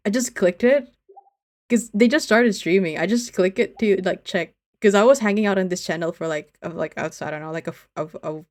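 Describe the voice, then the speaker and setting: A woman's voice: on the low side, darkish tone. A woman streamer chatting casually with her viewers in a teasing, giggly way, often saying she's only kidding.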